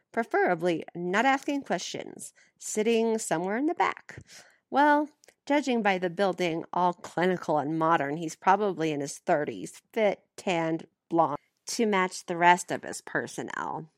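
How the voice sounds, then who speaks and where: A woman's voice: fairly low pitch, no room sound. Dry-voiced woman reading a novel. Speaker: audiobook reader. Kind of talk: first-person audiobook narration.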